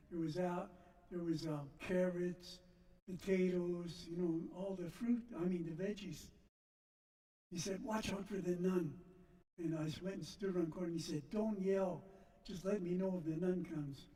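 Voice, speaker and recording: Older man, slow and halting, high voice, mellow tone, echoey church from a distance. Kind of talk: personal storytelling. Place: church sanctuary.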